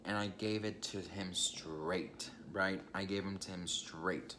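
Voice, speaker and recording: A man's voice: low voice, fairly even intonation, slow pace, sharp tone, a little hiss or hum. A young man telling a personal story in a casual, chatty vlog, swearing freely and talking straight to his viewers. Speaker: vlogger.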